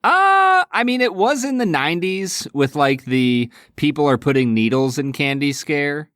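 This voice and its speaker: A man in his thirties co-hosting a podcast, laid-back and quick to laugh. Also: fairly high pitch, very animated, fairly bright tone, no echo, studio quality. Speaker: podcast co-host. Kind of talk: casual chat.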